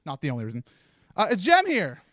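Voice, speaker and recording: A man's voice: high voice, huge pitch swings, fast. A man hosting a live charity event, nervously rambling and laughing as he hands out awards, with faint music behind him. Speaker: host handing out awards. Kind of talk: emotional live event speech. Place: live stream event room.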